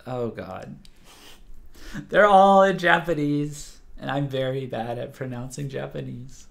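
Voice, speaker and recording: A young man with a mid-range voice and vocal fry hosts a music listening livestream. Sleep-deprived, he chats casually but haltingly, stumbling through fillers and restarts.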